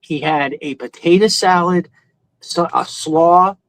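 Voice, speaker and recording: A man's voice: fairly high pitch, slow pace, a bit bright, dry recording, low-quality recording. A man from New York with a New York accent, hosting a podcast and telling long, rambling stories in casual chat, swearing freely. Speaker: podcast host.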